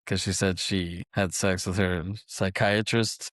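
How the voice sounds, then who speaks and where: A man's voice: low-pitched, flat delivery, measured pace, fairly bright tone, dry recording, clean studio sound. A man co-hosting a podcast, casually retelling film scenes in a rambling way and laughing now and then. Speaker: podcast co-host.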